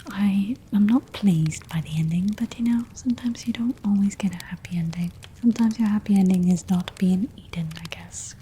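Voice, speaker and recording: A woman streamer speaking in a soft, soothing ASMR whisper and repeating trigger words gently. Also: medium pitch, normal speed, hardly any pauses, slight background noise.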